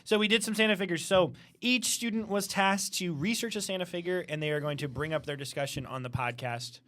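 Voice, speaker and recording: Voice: medium pitch, fairly quick, fairly bright tone. A teacher hosting a school podcast in casual chat, patiently asking children questions and steering them back on topic. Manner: explains and asks follow-up questions.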